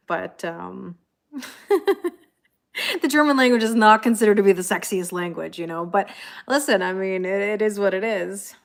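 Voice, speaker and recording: A woman's voice: mid-range voice, measured pace, vocal fry, pauses often. A chatty woman in her forties hosts a casual live stream as a tarot reader. She talks in a loose, friendly flow, laughs easily and reads viewer comments aloud as she goes. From Canada.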